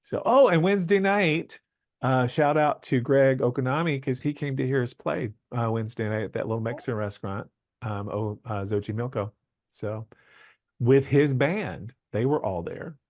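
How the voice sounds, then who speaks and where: A man's voice: medium pitch, moderate pace, darkish tone, no echo, studio quality. A man hosting a church podcast in a casual, chatty way, rambling a little with fillers and asides. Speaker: church podcast host and musician.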